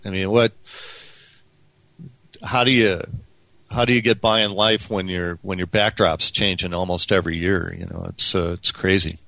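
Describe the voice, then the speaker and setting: A man's voice: low-pitched, fairly even intonation, moderate pace, gravelly, pushed and bright, a little hiss or hum. A man who formerly directed a nonprofit tells stories in an interview, with frequent filler words. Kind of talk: anecdotal interview.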